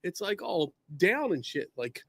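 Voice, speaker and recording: A breathless man hosting a livestream, high and bright in tone, his pitch leaping all over as he chats, laughs and swears. The sound is close and dry. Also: a little slow, vocal fry, dry recording. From Buffalo, New York. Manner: excitable, laughs often, swears casually. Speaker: podcast host. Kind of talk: casual livestream chat.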